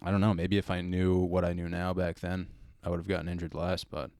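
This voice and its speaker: A man's voice: sits low, flat delivery, fairly quick, a little mellow, no room sound, clean studio sound. A young man, hosting a podcast and rambling through a story in loose, casual chat. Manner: rambling storytelling with many likes and mans. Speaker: podcast host.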